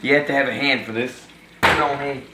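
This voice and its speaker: A man's voice: medium pitch, steady tone, fast. A man in a home kitchen giving a crude, profane, mock-serious cooking demonstration. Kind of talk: crude joking cooking demo. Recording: echoey kitchen with loud frying noise.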